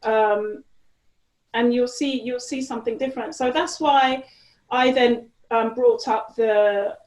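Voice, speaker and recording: A woman's voice: fairly high pitch, fairly even intonation, slow pace, a little mellow. A woman, a guest in an interview, talking casually with lots of fillers and restarts. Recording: roomy echo.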